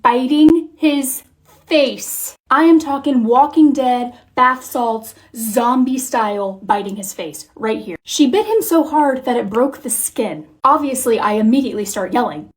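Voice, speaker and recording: Woman, thirties, mom vlogger, candid and animated, swears freely, a little high voice. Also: unhurried. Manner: candid, profane, animated storytelling. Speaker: mom content creator. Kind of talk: confessional vlog monologue.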